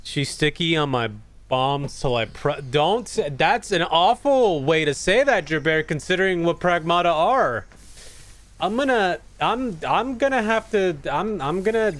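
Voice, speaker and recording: A man's voice: a little high, lively intonation, unhurried, a bit bright, no echo. A man streaming a video game, chatting casually in a rambling, profane way with many restarts. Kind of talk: casual gaming commentary.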